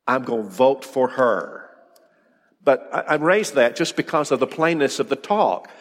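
A man's voice: medium pitch, animated, unhurried, in a large hall. A man preaching a sermon, emphatic, firing off rhetorical questions and repeating his words as he drives a point home.

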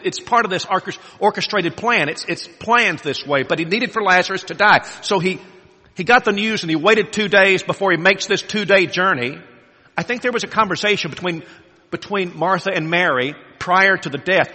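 A man preaching a sermon as a story, moving between quiet passages and emphatic ones, recorded in a hall with a long reverb. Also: sits high.

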